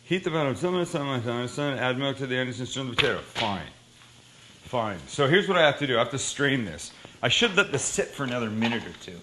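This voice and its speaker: A man's voice: mid-range voice, fast talker, background noise. A man hosting a cooking show, chatting casually and telling joking stories as he cooks. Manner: joking, animated storytelling.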